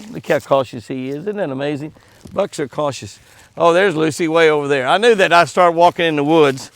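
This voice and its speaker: Gravelly, chuckling man chatting outdoors. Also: a little high, brisk, no room sound. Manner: folksy, chuckling, talks sweetly to his dogs. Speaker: host. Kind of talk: casual outdoor chat to camera. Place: outdoors, walking in the woods.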